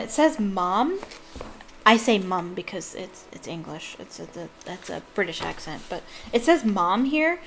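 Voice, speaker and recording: A woman reading a novel aloud expressively, breaking off for chatty asides with ums. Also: mid-range voice.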